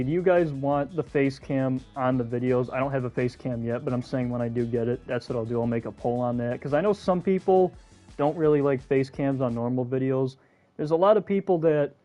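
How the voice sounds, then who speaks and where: A man hosting a casual live gameplay stream, chatty and excitable, talking to his viewers. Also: mid-range voice, highs cut off. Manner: chatty and excitable, talks to chat. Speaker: gaming streamer.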